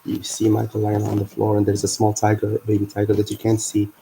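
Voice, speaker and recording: A man hosting a livestream, explaining his ideas in an earnest, halting way. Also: on the low side, completely flat delivery, vocal fry, noisy background. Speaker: livestream host.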